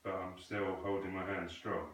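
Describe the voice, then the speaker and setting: Male self-defense coach, lowish voice, patient and corrective, recorded from across an echoing training hall. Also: little pitch movement, moderate pace, a bit bright, slight background noise. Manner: patient, corrective, asks the student questions. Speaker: krav maga instructor. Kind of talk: coaching a student in a class. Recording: echoey room, voice from a distance.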